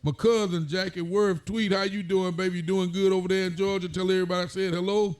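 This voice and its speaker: A man's voice: high voice, flat delivery, fast talker, a little mellow, clean tone. A man, a sheriff hosting a casual talk show, greeting viewers by name in a folksy way.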